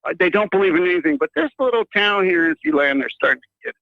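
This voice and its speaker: A man from the United States calls in to a radio show and delivers a rambling rant full of fillers and restarts. His gravelly voice sits high, swings widely in pitch and moves quickly. The dry recording comes through a muffled phone line into the radio.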